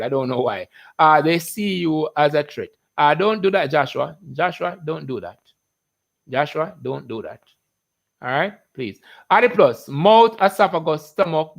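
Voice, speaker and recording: A middle-aged Jamaican man runs a live biology class, his voice sitting a touch high for a man. He chats easily with viewers, calls out their names, and slows right down to stretch out each key term. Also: fairly bright tone, poor audio. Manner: chatty, greets viewers by name, drawls terms slowly. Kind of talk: casual live-stream lesson.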